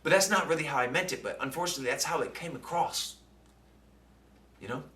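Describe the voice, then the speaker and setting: Guy vlogging, bright kinda higher voice, loose chatty talk full of likes and rights, room echo. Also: fast. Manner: conversational, with many fillers and tag questions. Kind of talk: casual reflective monologue. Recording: roomy sound, mic at a distance.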